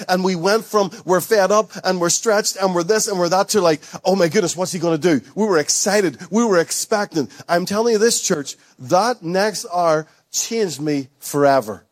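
A man with a fairly high voice delivers a sermon to his congregation. He talks in a loose, conversational way, cracking jokes and correcting himself mid-sentence. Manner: conversational, jokey, self-correcting. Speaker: preacher. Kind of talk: sermon with storytelling.

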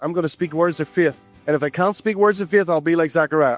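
A man preaching a sermon as pastor, animated and repeating key lines for emphasis. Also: on the high side, fast, faint music behind.

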